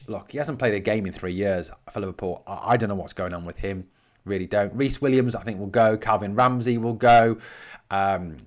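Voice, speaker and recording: A man from northeast England hosting a solo podcast, giving blunt opinions and answering live chat with swearing. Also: lowish voice. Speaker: podcast host.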